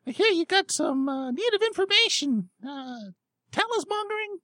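A man voicing a tiny female pixie hacker in a very high, squeaky voice. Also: very animated, moderate pace, pushed and bright, dry recording, clean studio sound, heavily acted. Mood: eager.

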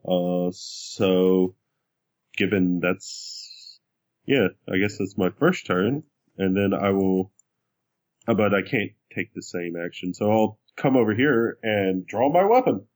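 A man playing a tabletop game, talking through his character's moves in a wry, casual way. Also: deep voice. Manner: slow, animated, wry. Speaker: player.

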